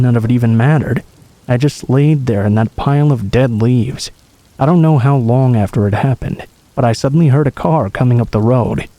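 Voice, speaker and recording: Mellow man narrating a scary story. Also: mid-range voice, no echo, low-quality recording. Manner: measured, somber storytelling. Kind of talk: scripted first-person narration.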